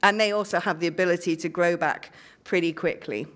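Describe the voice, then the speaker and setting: A woman's voice: fairly low pitch, a little fast. A woman giving a rousing, defiant political speech on a conference panel, emphatic and rhetorical. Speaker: panel speaker. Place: conference hall.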